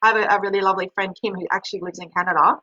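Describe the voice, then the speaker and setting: A woman's voice: mid-range voice, steady tone, racing, bright, forceful tone, no room sound, muffled recording. A woman hosting a webinar, talking casually and rambling with many restarts. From Australia. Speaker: webinar host and healer.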